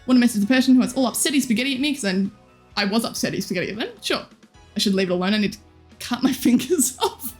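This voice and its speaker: A woman's voice: fairly high pitch, animated, fast, soft background music. A young woman in her twenties, live streaming and chatting casually with viewers in a bubbly, giggly, teasing way. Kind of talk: casual chat reading viewer comments.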